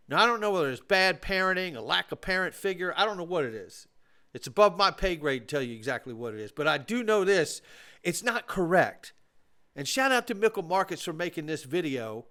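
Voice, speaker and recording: A man's voice: high voice, lively intonation, brisk, sharp tone. A man hosting his own commentary channel, talking straight to viewers in an emphatic, opinionated way. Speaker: host of a crypto commentary channel. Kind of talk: casual commentary.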